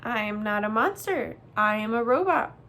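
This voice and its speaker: A woman voicing a friendly female robot in a storybook reading, speaking with measured, formal politeness. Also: a little high, animated, a bit bright.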